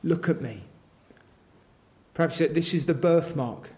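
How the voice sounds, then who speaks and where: A man's voice: a little high, a little slow, a little mellow. A man preaching a sermon, earnest and building to emphatic intensity as he quotes scripture.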